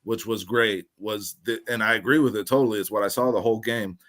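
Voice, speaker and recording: A man hosting a casual sports talk show, laid-back and quick to laugh while reading viewer chat. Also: fairly low pitch, steady tone, a bit bright.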